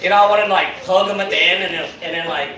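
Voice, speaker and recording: On a comedy club stage, a young man races through a rambling stand-up routine in a high-pitched voice, swearing freely and leaning on lots of fillers. Background noise fills the recording: the room echoes, the mic sits far away, and the crowd laughs along.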